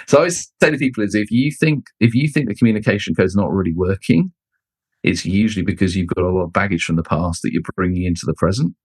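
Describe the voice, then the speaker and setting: Middle-aged male guest, slightly low voice, expressive anecdote teller, dry close mic. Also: fast talker, slightly rough, no room sound. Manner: expressive, acts out quoted people with jumps in pitch. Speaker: guest, leadership author and speaker. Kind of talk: animated storytelling in conversation.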